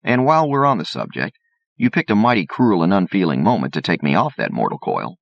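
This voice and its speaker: A man's voice: deep voice, very animated, a little fast, vocal fry, dry recording, muffled recording, pitched above the performer's own voice, exaggerated voice. A man doing a cocky, argumentative bartender. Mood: brash, cocky. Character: brash, quick-tongued male bartender and gambler.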